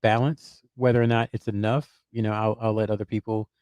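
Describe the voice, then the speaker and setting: A man's voice: fairly low pitch, little pitch movement, brisk, a little mellow, dry recording. A man on a podcast, a basketball reporter who hedges and thinks aloud with lots of fillers and restarts. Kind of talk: casual podcast chat.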